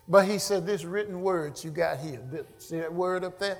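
A man's voice: high-pitched, normal speed. Preaching man in an echoing church. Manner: preaching with rising shouts and call-and-response. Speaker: pastor. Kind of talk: sermon. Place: church sanctuary.

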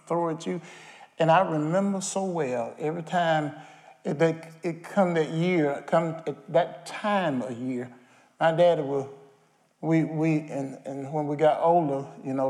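A man's voice: on the high side, gravelly, a little mellow. A man preaching a sermon, firing questions at his congregation. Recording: long hall reverb.

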